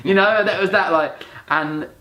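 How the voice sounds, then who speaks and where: A man's voice: sits high, normal speed. A man chatting as a podcast guest, telling stories animatedly and acting out the quoted dialogue. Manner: animated storyteller who acts out quoted dialogue. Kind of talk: casual podcast chat. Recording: roomy echoey recording.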